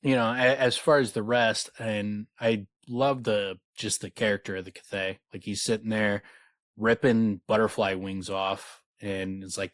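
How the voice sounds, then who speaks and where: Low-voiced man on a book podcast. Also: measured pace, no echo, clean studio sound. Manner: animated, profane, laughs often. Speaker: podcast co-host. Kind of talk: casual book discussion.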